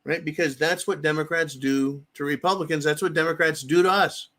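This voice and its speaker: A man's voice: fairly high pitch, steady tone, brisk, few pauses, sharp tone. A middle-aged man hosting a political commentary show, ranting angrily with profanity and sarcastic mock quotes.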